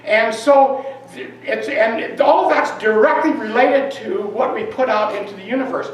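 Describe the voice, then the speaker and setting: A lay minister talks to a congregation in a church meeting room, giving a conversational, informal sermon and questioning her listeners. She speaks at normal speed in a slightly high voice, captured by a distant mic in a very echoey hall.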